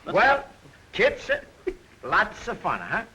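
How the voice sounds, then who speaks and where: A man's voice: high voice, huge pitch swings, takes it slowly, pushed and bright, a little hiss or hum, pitched above the performer's own voice, heavily acted, poor audio. An actor putting on a comic broken-English dialect, playing a chummy, joking immigrant man who laughs as he talks. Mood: jovial.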